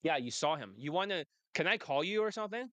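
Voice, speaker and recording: A man's voice: a little high, animated, fast, fairly bright tone, no echo. Brash, rambling male dating coach. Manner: brash, rambling, laughs often. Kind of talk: casual monologue and phone chat.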